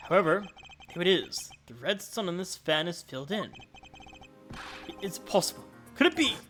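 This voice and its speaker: Woman doing a formal, measured male prosecutor. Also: fairly low pitch, expressive, fairly bright tone, soft background music. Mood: deliberating. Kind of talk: voicing a game character in a let's play.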